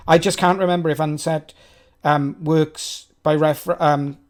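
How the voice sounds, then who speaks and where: A man's voice: on the high side, fairly even intonation, a little slow. A man with a Welsh accent thinks aloud as he codes on a live stream, chatting with viewers and poking fun at himself. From Wales. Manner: chatty, self-mocking, talks to chat.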